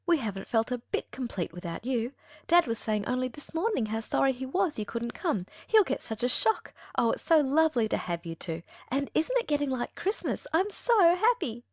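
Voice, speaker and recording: A woman's voice: fairly high pitch, very animated, brisk, no echo, studio quality. A woman voicing an eager, cheerful young girl in a full-cast audiobook reading. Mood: overjoyed. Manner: bubbly, eager.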